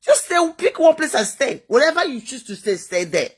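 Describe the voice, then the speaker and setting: A woman's voice: high-pitched, sing-song, moderate pace. A woman giving a motivational talk, emphatic and repetitive, full of rhetorical questions. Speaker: motivational speaker.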